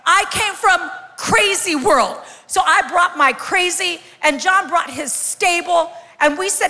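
A woman in her sixties giving a lively, joking live sermon as a guest speaker, calling out to the congregation in a large church. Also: very high voice, slow pace, hardly any pauses, faint music behind. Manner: lively, joking, calls out to the crowd. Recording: long hall reverb from a live church.

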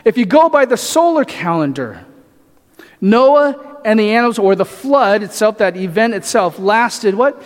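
A man's voice: high-pitched, big pitch swings, measured pace. A male pastor preaching a sermon, asking the congregation rhetorical questions and often adding "right?". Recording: echoey hall reverb.

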